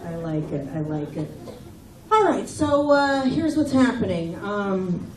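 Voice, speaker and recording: A woman's voice: medium pitch, big pitch swings, unhurried. A middle-aged woman doing a stand-up comedy set, with brash, teasing banter aimed at the audience. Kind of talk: stand-up set with crowd work. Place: comedy club stage. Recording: echoey room, mic from far off, loud crowd. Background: audience laughter.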